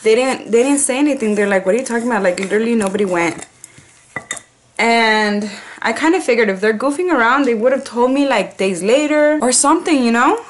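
Woman, night-shift dispatcher, storytime vlog; casual and profane, filler-heavy, mixes in Spanish slang. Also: medium pitch. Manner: chatty, profane, heavy use of "like"; drops in Spanish slang phrases. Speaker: 911 dispatcher.

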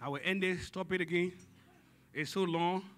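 A man preaching a sermon as pastor in a church service, dramatic, swinging from hushed tones to shouting and calling on the congregation for responses. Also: sits high, fairly even intonation, moderate pace, a little hiss or hum.

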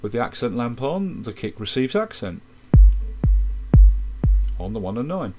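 A man calmly walking through a music software tutorial, explaining step by step with quick asides. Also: mid-range voice. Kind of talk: screen-recorded software tutorial.

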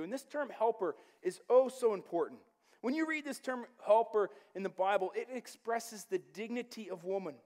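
A man preaches to his church with a fairly high voice. He keeps it conversational, slipping in jokes and asides to the congregation between points. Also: normal speed, darkish tone. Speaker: pastor. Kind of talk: sermon.

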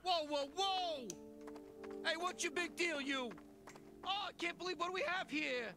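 A shrill, gravelly alien thug. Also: male voice, measured pace, over music. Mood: agitated. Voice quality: creaky, high-pitched. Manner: swearing, rambling threats, repeating words. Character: hot-headed foul-mouthed male alien construction worker. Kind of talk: video game voice acting.

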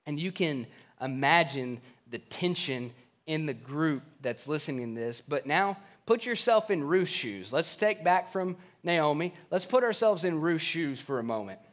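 Male pastor, slightly high voice, earnest sermon storyteller, modern plain retelling of scripture. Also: lively intonation, a little slow.

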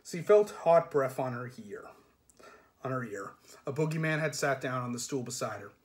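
A man reading a comic fantasy novel aloud in a measured, dry storytelling manner. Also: medium pitch, expressive. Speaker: reader.

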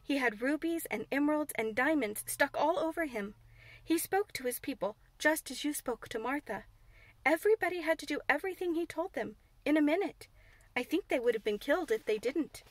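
A woman's voice: high voice, animated, fairly quick, no echo, pitched above the performer's own voice. A woman voicing a blunt, curious little girl who tells things earnestly and eagerly. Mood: telling.

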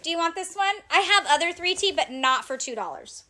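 A woman's voice: very high-pitched, expressive, brisk, bright, forceful tone. A woman hosting a casual live clothing sale, chatting to viewers and reading out sizes and prices. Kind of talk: casual live-stream selling chat.

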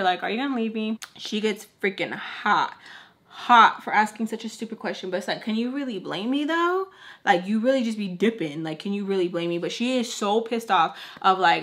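A young woman telling a personal story in a casual vlog, acting out what people said with big jumps in her voice. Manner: animated, acts out quotes with big pitch jumps. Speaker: storytime vlogger. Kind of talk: casual storytime while doing makeup.

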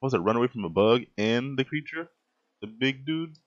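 A man's voice: mid-range voice, animated, moderate pace, lo-fi sound. A young man hosting a gaming channel, rambling through his let's play commentary with sudden startled outbursts and laughter.

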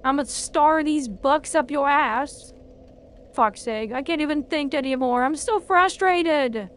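A woman streaming a video game, reacting loudly and swearing freely at each twist of the fight. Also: sits high, a little slow, slight background noise. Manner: excitable, swears a lot, talks at the game. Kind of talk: live gameplay commentary.

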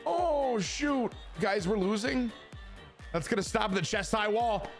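A young man streaming a baseball video game, joking, swearing and shouting at big plays over game music. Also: high-pitched, expressive, takes it slowly. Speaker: gaming streamer. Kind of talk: excited video game commentary. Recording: game music playing behind.

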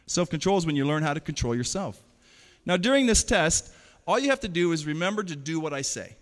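Man, children's stage performer, playful commands, teasing, slightly high voice, long hall reverb. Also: big pitch swings. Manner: playful, gives quick commands and teases the audience. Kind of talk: interactive stage show for children. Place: large hall.

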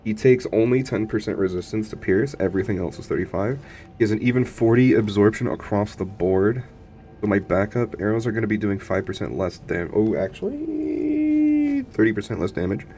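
A man streaming a video game, commenting in an excitable, profane way to himself and his chat. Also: on the low side, a little fast, faint music behind.

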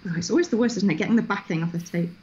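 A woman's voice: mid-range voice, very fast, a little mellow. A woman guest on a casual video chat, playful and giggly, demonstrating something as she talks. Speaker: guest maker. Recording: dull, lo-fi video call audio with faint noise.

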